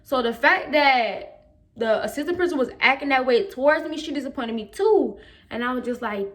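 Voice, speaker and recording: A woman's voice: a little high, fairly quick. A woman telling a personal story in a casual storytime vlog, slangy and emphatic, and she replays what she said back then. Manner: animated, replays her own past remarks in quotes.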